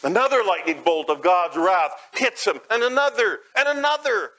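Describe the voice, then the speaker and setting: A man preaching a sermon as guided imagery, dramatic, swelling loud and high, then dropping soft and low. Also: big pitch swings, moderate pace, poor audio.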